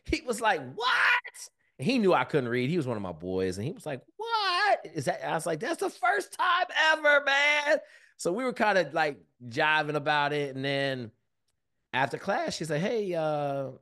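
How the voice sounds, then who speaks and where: A man, a guest on an interview show, telling a personal story in casual, slangy speech and acting out the voices of people in it. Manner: animated, acts out quoted dialogue with big pitch jumps; colloquial, relaxed slang. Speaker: guest, former Navy SEAL and mentor.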